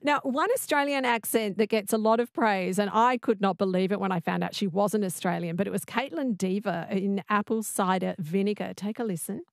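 A woman's voice: mid-range voice, a little fast, creaky, hardly any pauses, dry recording. A woman hosting an interview, introducing clips and asking her guest questions in a conversational way. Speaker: radio host.

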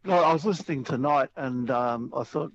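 A man calling in to a radio quiz, speaking in a hesitant, halting way. His voice sits in a middle range. The line sounds muffled and lo-fi, like an old phone call. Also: mid-range voice, slight background noise. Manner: hesitant, many fillers and restarts. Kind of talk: casual phone chat.

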